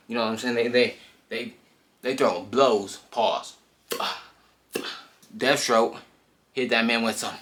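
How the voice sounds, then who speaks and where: A man casually retelling a comic book in slangy, animated speech full of fillers. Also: medium pitch, measured pace, long pauses, slight background noise.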